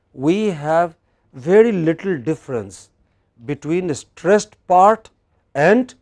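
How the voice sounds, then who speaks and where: A man with an Indian English accent teaching a classroom lecture, slow and deliberate, often putting questions to the class. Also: a little high, a little mellow.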